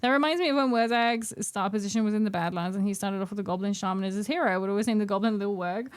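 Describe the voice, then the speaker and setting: A woman's voice: medium pitch, very fast, clear, resonant tone. A young woman streaming as she paints miniatures, chatting casually, giggling and poking fun at herself. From United Kingdom. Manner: giggly, chatty, self-mocking. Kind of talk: casual live-stream chat.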